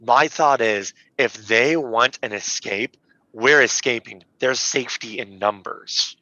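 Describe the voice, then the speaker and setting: A man's voice: mid-range voice, measured pace, bright, forceful tone, no echo. A man playing a tabletop game, chatty and hesitant, with many fillers. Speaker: player. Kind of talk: casual tabletop play. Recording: dull lo-fi sound with faint music.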